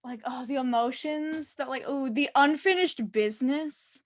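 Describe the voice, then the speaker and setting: A woman co-hosting a casual TV episode discussion, animated and gushing, often exclaiming and trailing off. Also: high-pitched, measured pace, dry recording, clean studio sound. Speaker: co-host.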